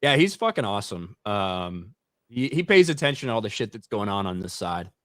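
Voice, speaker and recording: A man's voice: fairly low pitch, very animated, brisk, no echo. A man co-hosting a live stream, blunt and swearing freely in casual chat. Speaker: co-host reading donations.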